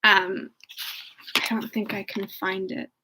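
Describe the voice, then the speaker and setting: Against a noisy background, a young woman reads a novel aloud in a medium-pitched, flat, slow voice before chatting about it in a relaxed, reflective way. She often laughs and lets sentences trail off as she hunts for things.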